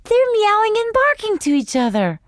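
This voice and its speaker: A woman reading a children's story aloud and voicing a bossy, excitable little girl who is a big sister. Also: a little slow, no room sound, studio quality, full character voice. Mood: delighted. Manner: shrill, teasing and urgent.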